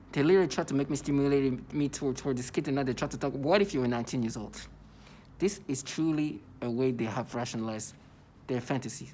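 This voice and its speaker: A man's voice: mid-range voice, darkish tone, a little hiss or hum. Agitated man in his thirties ranting. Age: 30s. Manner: agitated, repetitive, stammering restarts. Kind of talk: monologue vlog rant.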